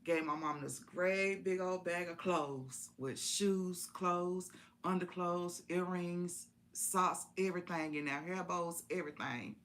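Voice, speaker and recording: A woman's voice: lowish voice, slow pace, a bit bright. A woman telling a personal story in a casual, folksy way on a live stream, repeating phrases for emphasis.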